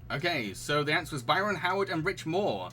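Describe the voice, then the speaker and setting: A man's voice: a little high, very animated, brisk, very noisy. A man hosting a live-streamed quiz, reading out questions and options and chatting with his audience between laughs. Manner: chatty and giggly, reading out questions and answering chat. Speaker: quiz host.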